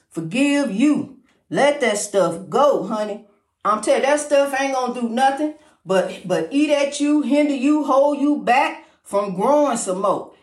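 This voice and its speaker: High-voiced woman preaching, calling you honey. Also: roomy sound. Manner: repetitive, emphatic, calls the listener honey; talks fast when excited. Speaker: inspirational speaker. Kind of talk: informal preaching monologue.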